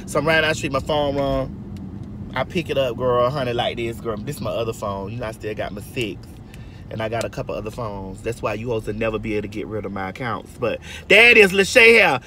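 A Georgia woman in her forties hosts a livestream from behind the wheel, swapping casual stories with viewers she calls girl and honey in a sassy, talkative style. Her voice is extremely low yet bright and forceful, animated and fairly fast. The recording comes from a phone, with road and car noise underneath.

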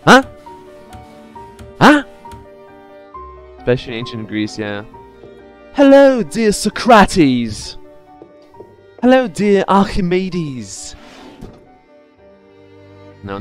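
A man with a Cypriot accent streaming games live, joking and chatting with viewers. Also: fairly low pitch. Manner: animated, jokey, chatting with viewers. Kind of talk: casual live-stream chat.

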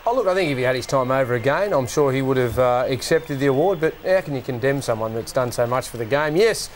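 A man's voice: mid-range voice, lively intonation, fast, slight background noise. A man on a sports show, earnestly defending a player.

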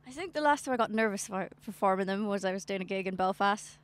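A woman's voice: medium pitch, quick pace. A young woman with a Northern Irish accent, a singer chatting casually in an interview on an outdoor balcony, laughing often and trailing off. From Northern Ireland. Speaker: singer-songwriter guest.

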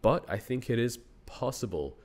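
A man's voice: medium pitch, expressive, moderate pace, darkish tone. A man in his thirties with an Australian accent, a university researcher talking as a guest in a casual interview, thinking aloud and laughing often.

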